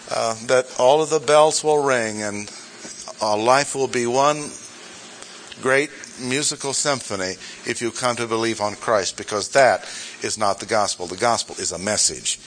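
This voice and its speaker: A man's voice: medium pitch, lively intonation, measured pace, slight background noise. Emphatic preacher, man, repeating key points. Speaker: pastor. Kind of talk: sermon.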